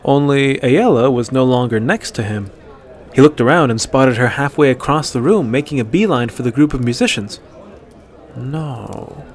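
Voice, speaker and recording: A man narrating a fantasy story in a steady, even reading voice. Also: medium pitch, a little fast.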